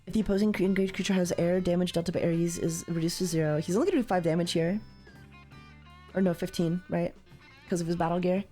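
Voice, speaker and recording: A young woman from Canada chatting casually as a streamer while playing a card game, with sudden loud, high exclamations. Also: steady tone, quick pace, faint music behind.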